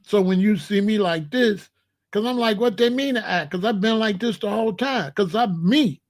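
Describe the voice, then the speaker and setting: Man, middle-aged, high pitch, blunt, repetitive, casual monologue. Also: normal speed. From United States. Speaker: commentary channel host.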